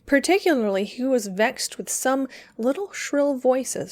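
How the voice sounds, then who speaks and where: Reader: woman, slightly high voice, gentle lilting storybook read-aloud. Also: animated, measured pace. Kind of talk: reading a children's story aloud.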